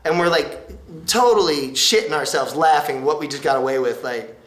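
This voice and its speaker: Animated, bright-voiced man telling a wild story. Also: fairly high pitch, normal speed. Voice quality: lively, acts out others' voices. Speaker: skateboarder recounting a road trip. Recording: echoey room with music behind.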